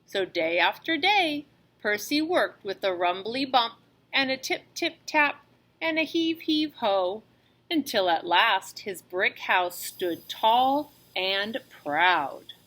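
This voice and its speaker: A woman reading a children's storybook aloud in an expressive, animated way, as a teacher. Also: a little high, takes it slowly.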